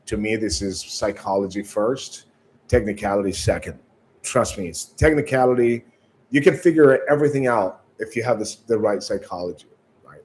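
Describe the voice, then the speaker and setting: A man's voice: lowish voice, moderate pace, darkish tone, low-quality recording. A man teaching sales callers in a coaching tone, often stumbling over repeated words and checking in with "right?". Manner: coaching, direct advice. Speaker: sales trainer. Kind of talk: instructional talk on sales calls.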